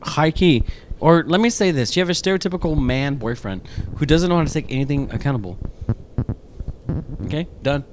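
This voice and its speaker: A man's voice: a little high, brisk, noisy background. A man co-hosting a podcast in casual chat, telling a rambling story full of swearing. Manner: animated, rambling, swears a lot. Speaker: podcast co-host.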